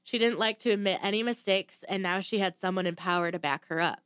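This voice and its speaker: A woman's voice: mid-range voice, fast talker, a bit bright, clear, resonant tone, no echo. A woman hosting a casual chat and telling a true crime story from notes, with blunt asides and the odd swear word.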